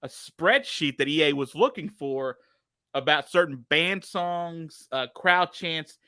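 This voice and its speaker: Male podcast co-host, bright forceful voice, joking and animated, dry close sound. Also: on the high side, takes it slowly, clear, resonant tone, no echo. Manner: animated, joking, laughs often. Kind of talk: casual chat.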